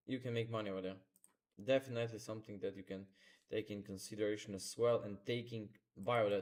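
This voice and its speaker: A man's voice: lowish voice, a little mellow. Man talking through charts live. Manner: instructive, repeats phrases, non-native grammar. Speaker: trading streamer. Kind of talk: live market commentary.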